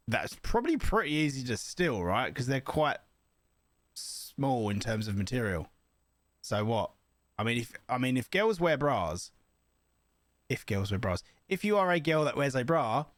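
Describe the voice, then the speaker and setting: A man's voice: medium pitch, a bit bright, no room sound. A young man rambling and joking as he hosts a reaction video. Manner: joking, rambling, laughs often. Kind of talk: casual reaction commentary.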